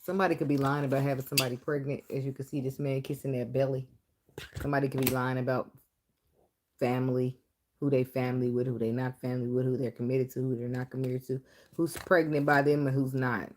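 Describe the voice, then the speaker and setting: Deep voiced lady reading tarot cards, cussing a lot, laughing, background noise. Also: little pitch movement, quick pace, a little mellow. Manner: blunt, profane, laughs often. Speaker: tarot reader.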